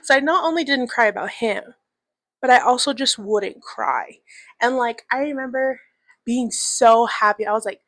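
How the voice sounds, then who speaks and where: In her twenties, this podcast host delivers a casual personal monologue that's candid and loose, with plenty of cursing and fillers. She speaks at a moderate pace in a high-ish, fairly bright voice, recorded dry.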